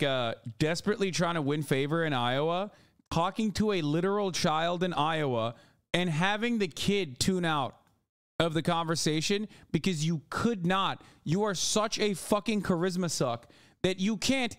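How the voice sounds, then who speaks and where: A man's voice: a little high, smooth, dry recording, studio quality. A man streaming live, reacting to clips with mocking, exasperated, profane commentary.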